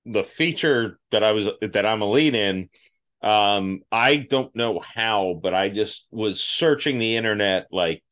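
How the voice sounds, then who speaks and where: A podcast host with a lowish, fairly bright voice tells acting stories in a casual interview chat. He's self-deprecating and laughs at himself.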